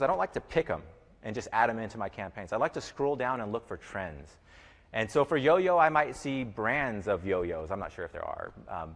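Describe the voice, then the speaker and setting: A man teaches in a loose, conversational way, circling back and stumbling over his phrasing. His voice sits at an ordinary pitch for a man. The recording rings with the long reverb of a big echoey room. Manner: rambling, repeats himself, many fillers and restarts. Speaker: e-commerce teacher. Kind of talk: informal teaching talk.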